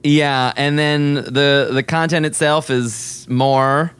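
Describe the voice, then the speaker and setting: A man co-hosting a podcast in casual chat, animated and gossipy, often breaking into laughter. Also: a little high, slow pace, clean tone. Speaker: podcast co-host.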